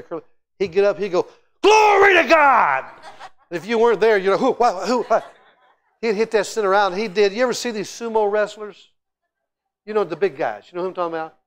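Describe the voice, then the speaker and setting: A middle-aged man preaching a sermon in a church as guest speaker, telling stories with lively, animated delivery and frequent restarts. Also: on the high side. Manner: animated, storytelling, repeats words and restarts often. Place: church sanctuary.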